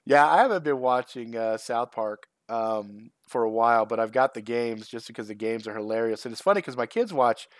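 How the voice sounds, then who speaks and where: A man's voice: mid-range voice, lively intonation, a little fast, hardly any pauses, no echo, studio quality. Rambling, profane middle-aged man. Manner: rambling, profane, laughs often. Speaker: channel host. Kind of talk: casual live-stream chat.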